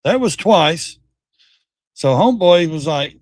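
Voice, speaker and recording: A man's voice: a little high, animated, moderate pace, background noise. A middle-aged man hosting a livestream, bluntly and animatedly commenting on clips, swearing and mocking. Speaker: livestream host. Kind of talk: casual commentary.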